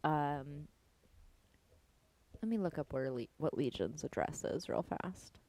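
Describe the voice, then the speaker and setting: A woman co-hosting a livestream raffle, giving event details and briskly hurrying the others along. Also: deep voice, lively intonation, warm tone. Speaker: co-host. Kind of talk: casual livestream chat.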